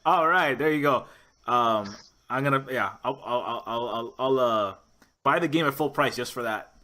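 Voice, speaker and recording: A man's voice: mid-range voice, moderate pace, pushed and bright. A man hosting a podcast interview, rambling with many restarts and fillers. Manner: rambling, lots of "you know" and restarts. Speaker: podcast host. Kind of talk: casual interview chat.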